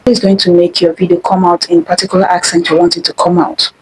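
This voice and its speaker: A woman's voice: lowish voice, level tone, fast, a little hiss or hum, poor audio. A young woman hosting a screen-recorded tutorial, chatty and instructive, often repeating herself. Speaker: tutorial host.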